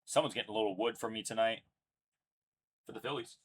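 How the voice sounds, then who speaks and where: A man's voice: on the low side, fast, fairly bright tone, slightly rough. A young man casually announcing each card pulled as he hosts a live card break, chatty and upbeat. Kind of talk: live card-opening commentary.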